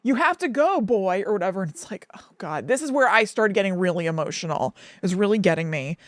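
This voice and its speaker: A woman's voice: on the low side, quick pace, no room sound, clean studio sound. A young woman co-hosting a podcast, recapping a cartoon episode in casual chat and getting emotional as she goes. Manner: animated, laughing and crying while retelling. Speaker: podcast co-host.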